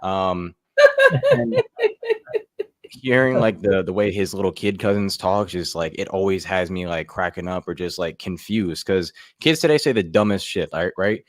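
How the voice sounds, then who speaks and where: A young man works through a stand-up set in a loose, rambling way, full of fillers. His voice sits a little low, and the recording is dry and close. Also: expressive, moderate pace, no room sound. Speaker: comedian contestant. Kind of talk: stand-up routine.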